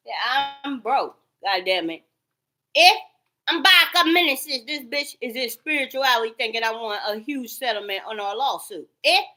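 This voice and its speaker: Sharp, bright-voiced woman ranting. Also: on the high side. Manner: profane, rambling, heated. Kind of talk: ranting straight to camera. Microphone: camera.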